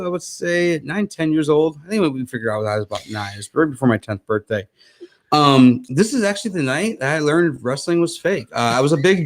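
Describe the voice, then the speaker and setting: A man hosting a podcast, telling stories in a rambling, casual way with frequent laughs. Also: mid-range voice. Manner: rambling, laughs often, many fillers. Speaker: podcast host. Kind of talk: casual chat, storytelling.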